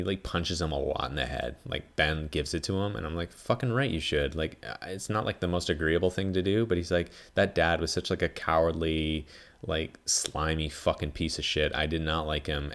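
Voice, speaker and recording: A man hosting a podcast, giving a casual, rambling film review full of "like" and frequent swearing. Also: a bass voice. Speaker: podcast host.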